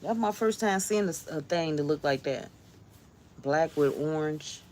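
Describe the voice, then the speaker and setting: A woman's voice: low-pitched, measured pace, a little mellow, slight background noise. A woman vlogger talking casually to her viewers, chatty and jumpy, laughing often as she frets.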